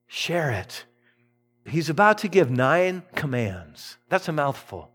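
A male pastor delivering a sermon, his voice sitting a little high for a man and swinging widely in pitch. He is middle-aged and animated, and he slips into quick impressions when he tells a story.

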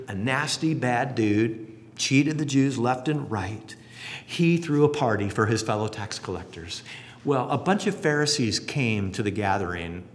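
A man preaching a sermon as pastor, telling stories and acting out the voices in them. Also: medium pitch. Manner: animated storytelling, acting out voices in quotes. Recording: long hall reverb.

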